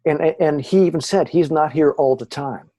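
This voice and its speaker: Guest storyteller, husky and dark-toned, animated, voices every quote. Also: mid-range voice, normal speed, dry recording. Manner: animated, acts out quoted voices, frequent restarts. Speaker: guest telling haunting stories. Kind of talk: conversational storytelling interview.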